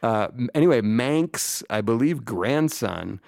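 A man's voice: mid-range voice, expressive, vocal fry, darkish tone, no room sound. Dry-voiced man co-hosting a comedy chat. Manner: wry, enthusiastic, quick to laugh. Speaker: podcast co-host.

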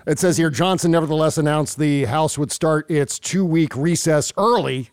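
A man's voice: a little high, normal speed, hardly any pauses, smooth, no room sound, studio quality. Sarcastic man hosting a podcast. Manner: sarcastic, mocking. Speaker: podcast host. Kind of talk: casual political chat.

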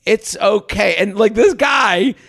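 A man's voice: sits high, slow, gravelly, fairly bright tone, raised voice. A man telling stories in an exaggerated, laughing way as a comedian hosting a casual podcast chat. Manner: storytelling, exaggerated, laughing often.

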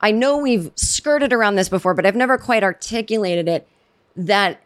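A woman's voice: mid-range voice, normal speed. A middle-aged American woman hosting her own podcast, rambling and sarcastic in casual solo commentary. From United States. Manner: rambling, animated, sarcastic asides. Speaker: podcast host.

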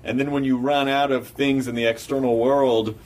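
A man's voice: mid-range voice, flat delivery, normal speed, a little mellow. Male host, casual chat, thinking aloud; a bit distant from the mic. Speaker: podcast host.

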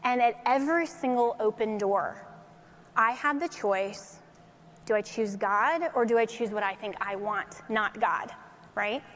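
A woman from Colorado giving a faith-based inspirational talk to an audience, telling her story in an animated way. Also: a little high, in a large hall. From Colorado, United States. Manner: animated storytelling with acted quotes and laughter. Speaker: speaker addressing an audience.

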